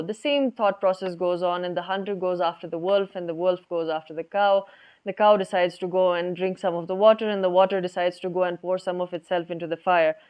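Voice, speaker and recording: A woman tells a folk tale in a relaxed, chatty way, full of little fillers. Her voice is smooth and low for a woman. The recording sounds dull and lo-fi. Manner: relaxed, conversational, many fillers. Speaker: storyteller. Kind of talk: telling a folk story.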